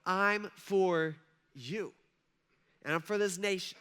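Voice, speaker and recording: A man's voice: high voice, slow pace, fairly bright tone, smooth. A pastor voicing Daniel as a breezy, joking man calling up from the lions' den. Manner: breezy, joking, modern slang. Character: cheeky, upbeat Daniel talking from the lions' den.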